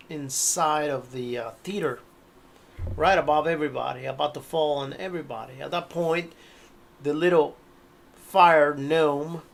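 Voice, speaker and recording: A man narrates a tabletop horror game as game master, slow and a little halting. His voice is gravelly and slightly raised, with a faint hiss in the background. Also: on the high side. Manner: slow, hesitant storytelling.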